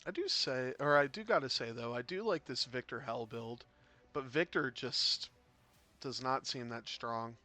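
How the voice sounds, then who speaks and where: A man casually commentating a tabletop game, rambling and chatty, breaking into sudden loud excited bursts. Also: medium pitch, a little slow, soft background music. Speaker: game caster.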